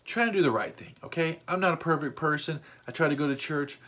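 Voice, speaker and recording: A man's voice: fairly high pitch, quick pace, bright, forceful tone. A man hosting a storytime vlog, telling an exasperating story with rising outbursts. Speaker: vlog host.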